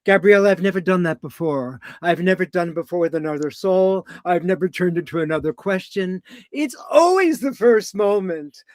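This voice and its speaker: A man's voice: sits high, expressive, no echo. Man speaking in poetic incantations. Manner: poetic, incantatory, drawn-out phrasing. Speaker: guest on a live video talk. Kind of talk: casual spiritual conversation.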